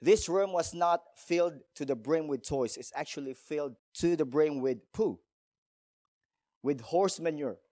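A man's voice: fairly high pitch, unhurried, dark tone, dry recording. A male pastor preaching a sermon in a church, emphatic, telling stories and asking rhetorical questions.

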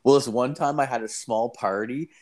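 A man's voice: mid-range voice, normal speed, a little mellow. Profane rambling guy. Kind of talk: casual storytelling chat.

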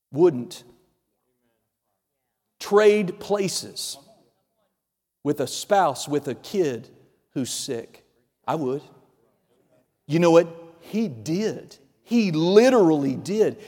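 Preacher guy, fairly high voice, gets quiet then loud, big echoey church. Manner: animated preaching, swinging between hushed and loud. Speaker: pastor. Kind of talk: sermon. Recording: reverberant hall.

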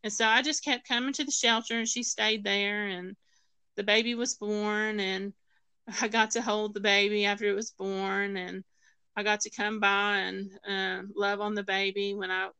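A woman tells a personal story with plenty of ums and restarts, dropping into the voices of the people she quotes. Her voice is bright, smooth and gravelly. The recording is close and dry. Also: medium pitch, flat delivery, moderate pace, no room sound, poor audio. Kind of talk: personal testimony in conversation.

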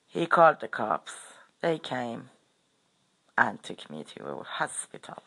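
Low-voiced woman telling a story. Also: sing-song, takes it slowly, vocal fry, fairly bright tone. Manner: hesitant, with fillers and self-corrections. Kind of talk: casual spoken storytelling.

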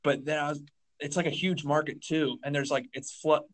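A man's voice: fairly high pitch, fairly even intonation, brisk. A young man, a stand-up comedian, chatting casually on a podcast, rambling with lots of fillers and restarts. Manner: rambling, filler-heavy, says dude a lot.

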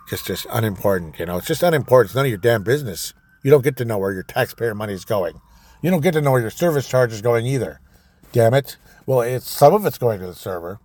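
A man's voice: medium pitch, a little mellow, husky. A man hosting a solo podcast, casually reading news items and ranting with opinionated asides. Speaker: podcast host.

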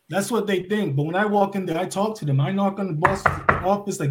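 A man from New York giving an impassioned monologue full of rhetorical questions, swinging between loud and soft as a podcast guest. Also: high voice, brisk, few pauses.

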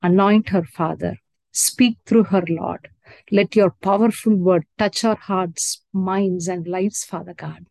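A woman leading a spoken prayer in a devout, repetitive way, softening at the end of each phrase. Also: fairly low pitch, steady tone, takes it slowly, vocal fry, no echo. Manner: devout, repetitive, fading to soft at phrase ends. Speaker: prayer leader.

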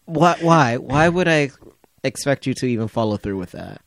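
A man's voice: medium pitch, animated, moderate pace, vocal fry, slight background noise. A man hosting a podcast, chatting casually with dry, exasperated storytelling. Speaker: podcast host. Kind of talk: casual chat.

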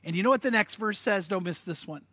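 A man preaching a sermon, telling the story in an animated way with stammered restarts and sudden emphatic bursts. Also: high voice, fast, husky, dry recording, studio quality. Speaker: pastor.

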